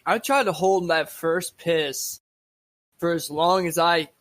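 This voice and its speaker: A man's voice: on the high side, steady tone, slow pace, a bit bright, no echo. A young man co-hosting a podcast in casual chat, laid-back and rambling, swearing freely. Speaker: podcast co-host.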